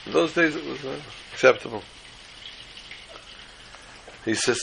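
A man's voice: medium pitch, unhurried, gravelly, pauses often, sharp tone, a little hiss or hum, poor audio. A man telling a folk tale in a rambling, self-deprecating way, stumbling and repeating words. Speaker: storyteller. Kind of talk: casual spoken storytelling.

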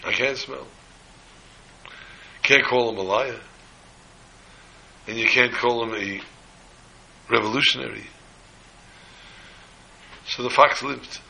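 A man's voice: mid-range voice, takes it slowly, vocal fry, long pauses, bright, forceful tone, slight background noise, poor audio. A man preaching a sermon, telling a parable in an emphatic way and mixing in Hebrew and Yiddish terms. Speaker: rabbi.

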